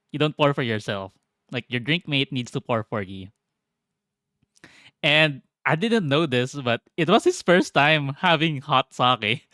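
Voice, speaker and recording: Vlogger man, slow relaxed storytelling, dry close sound, quick to laugh. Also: mid-range voice, smooth, no echo. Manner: laughs often, swears, animated. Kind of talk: casual travel storytelling.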